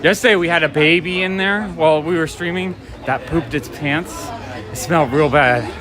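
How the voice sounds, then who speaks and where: A man's voice: fairly high pitch, moderate pace, a crowd in the background. A man vlogging as he walks outdoors along city streets, telling rambling stories with laughs as he goes. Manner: rambling, chatty storytelling with laughs. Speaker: vlogger and toy shop owner. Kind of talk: casual walk-and-talk vlog.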